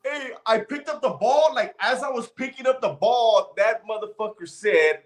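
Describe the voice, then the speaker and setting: A man's voice: very high-pitched, moderate pace. A man telling a prison story in casual, profane chat, building up to the punchline. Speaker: podcast co-host.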